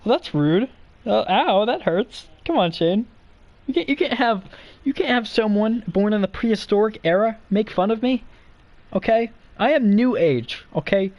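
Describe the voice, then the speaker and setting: A man's voice: sits high, animated, moderate pace, no echo, dull audio. A young man streaming, telling stories in a rambling, profane way full of fillers. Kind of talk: casual live-stream chat. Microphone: streaming mic.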